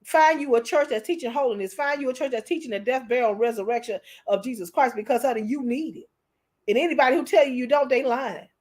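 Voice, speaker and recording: Emotional, preachy high-voiced woman. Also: quick pace, darkish tone. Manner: preachy, repeats herself, calls listeners honey. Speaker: commentator. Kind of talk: emotional commentary.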